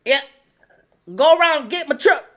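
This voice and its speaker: Woman putting on a gruff Texan ranch boss. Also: high voice, expressive, a little slow, fairly bright tone, voice pushed up. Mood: bossy. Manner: barking orders, brusque.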